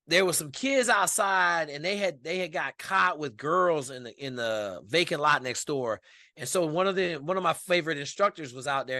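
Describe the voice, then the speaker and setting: A man from Washington state, a podcast guest telling a story in casual, animated, profane speech. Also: fairly high pitch, dry recording, clean studio sound.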